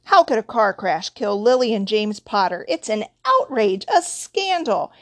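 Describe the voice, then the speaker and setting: Woman reader doing Hagrid: huge gruff gamekeeper, dropped endings, storybook voice. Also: mid-range voice, unhurried, a little mellow, dry recording, clean studio sound, close to an everyday voice. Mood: indignant. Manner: rough dialect, dropped endings. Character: huge gruff male gamekeeper, big-hearted.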